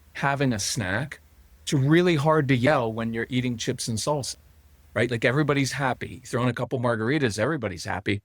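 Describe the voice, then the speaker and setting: A middle-aged man, a parenting coach as a podcast guest, telling stories lively and acting out quotes from parents and kids. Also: medium pitch, no room sound. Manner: animated storyteller acting out parent and child quotes. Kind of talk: conversational interview.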